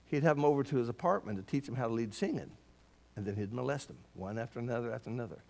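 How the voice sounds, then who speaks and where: A man's voice: mid-range voice, rapid-fire, gravelly, darkish tone. A man teaching a Bible class at church, earnest and emphatic, often stumbling into repeated words as he restarts his sentences.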